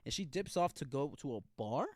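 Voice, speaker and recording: A man's voice: mid-range voice, expressive, brisk, darkish tone, dry recording, studio quality. A young man hosting a podcast, casually recapping a TV episode in slangy, profane, rambling talk full of restarts. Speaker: podcast host reviewing a TV episode.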